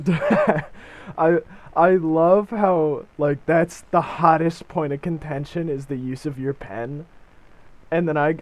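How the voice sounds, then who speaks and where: A young man co-hosting a podcast in casual chat, relaxed and laughing along with short replies. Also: a little high. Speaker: podcast co-host.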